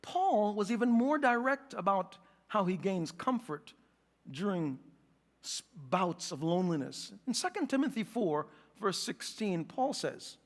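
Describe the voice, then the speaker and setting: A man with a New York accent preaching a sermon, animated and joking as he acts out scenes, slowing and softening for scripture. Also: high voice, big-room sound. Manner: animated, acts out quotes and jokes, then slows and softens for scripture. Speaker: pastor.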